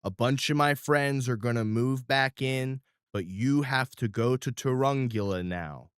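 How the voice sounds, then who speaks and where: A man's voice: medium pitch, a little slow, clean tone, dry recording, clean studio sound, voice pushed up, lightly acted. A man voicing a shy, sweet little boy in a tabletop game, speaking hesitantly with many ums. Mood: stern.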